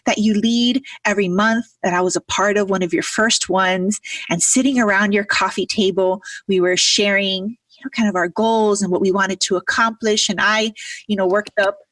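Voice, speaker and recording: A woman hosting a podcast, talking casually and warmly grateful as she retells a story with quoted dialogue. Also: mid-range voice, steady tone, moderate pace, no echo, recorded from a distance. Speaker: podcast host. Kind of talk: casual conversational interview.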